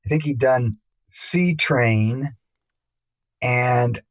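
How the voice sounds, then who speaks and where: An older man, a musician guest, telling rambling anecdotes in a relaxed interview, with many fillers and restarts. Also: mid-range voice, drawn-out words, no echo, rough recording. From England.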